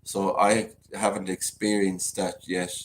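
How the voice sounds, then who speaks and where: A man's voice: deep voice, level tone, a little slow. A man hosting a casual live-stream chat, chatting and reading out viewer comments.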